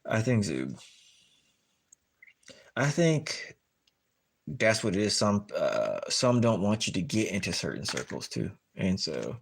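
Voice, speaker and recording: A man's voice: fairly low pitch, sing-song, slow, gravelly, long pauses. A man chatting casually on a livestream while tying fishing jigs, telling rambling stories full of fillers.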